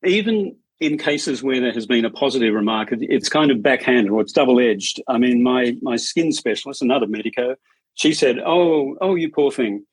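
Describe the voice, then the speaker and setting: A man, a strata committee chair, speaking as a podcast guest in a measured, anecdotal way with dry humour. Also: medium pitch, expressive, husky, no echo, poor audio. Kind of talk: conversational interview storytelling.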